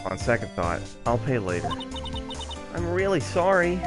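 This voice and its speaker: A man doing a low, mumbling flustered lawyer. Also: big pitch swings, normal speed, lightly acted. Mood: sheepish. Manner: hesitant, mumbling, stammering. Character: flustered young male defense lawyer. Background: background music.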